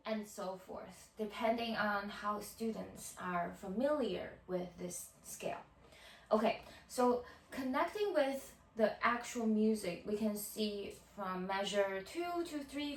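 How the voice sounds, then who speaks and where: A woman teaching violin in a tutorial, counting beats out in a slow, patient way. She is heard from a little way off in a roomy space, with violin playing around her words. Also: mid-range voice. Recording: roomy sound from a distance.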